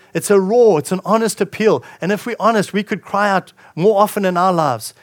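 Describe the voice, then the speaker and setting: A man preaches a sermon to his congregation. He reads scripture aloud and then comments on it, often restarting his sentences. His speaking voice sits slightly high for a man. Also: moderate pace, few pauses. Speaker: pastor.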